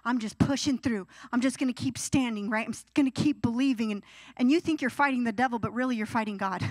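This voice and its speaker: A woman's voice: on the high side, fast, no echo. A young adult woman preaching a youth sermon, acting out whiny teenage pleas as she goes. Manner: animated, acts out whiny teenage voices. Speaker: youth pastor.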